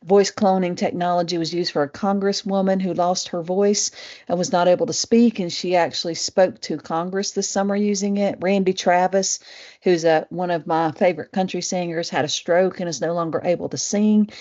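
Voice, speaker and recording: A middle-aged woman with a Southern Appalachian drawl talks her way through a relaxed webinar. She sits a little low in pitch, with a warm, mellow tone and plenty of fillers. The audio is muffled and lo-fi. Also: moderate pace. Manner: chatty, many fillers and restarts. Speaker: webinar presenter. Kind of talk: casual live webinar presentation.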